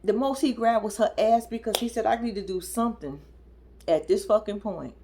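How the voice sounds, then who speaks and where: A young adult woman giving casual, profane reaction commentary on a TV episode, incredulous and animated, often mimicking people in high squeals. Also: normal speed, a little hiss or hum. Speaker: reality TV commentator.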